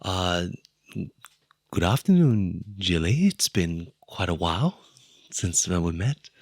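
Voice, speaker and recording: A man's voice: sits low, sing-song, takes it slowly, dry recording, clean studio sound, full character voice. A man voicing a big-handed teen boy who is awkwardly polite and hesitant in a tabletop role-play. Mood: awkward charm. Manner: hesitant, stumbling.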